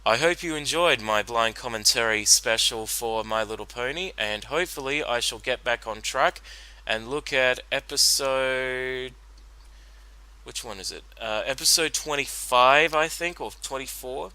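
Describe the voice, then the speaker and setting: Man, solo cartoon commentator, rambling, filler-heavy, crisp clear voice. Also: medium pitch, unhurried, bright, forceful tone, no room sound, low-quality recording. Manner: rambling, many fillers and restarts. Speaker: reaction commentator.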